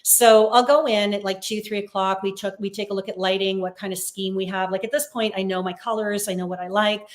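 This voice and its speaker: A woman's voice: medium pitch, steady tone, brisk, hardly any pauses. Chatty woman on a video call. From Canada. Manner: chatty, warm storytelling with many fillers. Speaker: psychic medium guest. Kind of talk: casual video-call interview.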